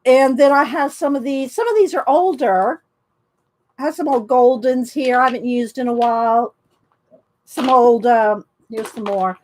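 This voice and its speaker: A woman's voice: high-pitched, a little slow, darkish tone. A woman chatting casually and enthusiastically at her craft desk, rambling about art supplies as she talks to her live viewers. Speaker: art journaling host.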